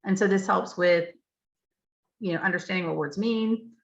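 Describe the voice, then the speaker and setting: A woman with a lowish voice walks teachers through spelling patterns, spelling out letters and checking in as she goes. The recording sounds dull and lo-fi. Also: normal speed, gravelly. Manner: explanatory, spells out letters, frequent "um" and "right?". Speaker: literacy teacher trainer. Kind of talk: professional development talk.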